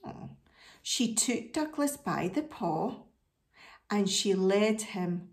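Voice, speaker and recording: A woman reading a picture book aloud to children, animated and asking her listeners questions. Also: medium pitch, takes it slowly, long pauses, roomy sound. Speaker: storybook reader.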